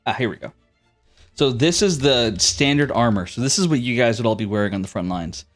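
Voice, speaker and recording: A man's voice: medium pitch, animated, fairly quick, soft background music. A man narrating a tabletop game as game master, with easygoing, descriptive storytelling.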